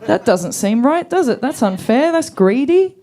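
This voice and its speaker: A young woman with a high voice, speaking a little slowly, does a stand-up comedy set full of stories. She plays them deadpan and sarcastic, acting out each quote.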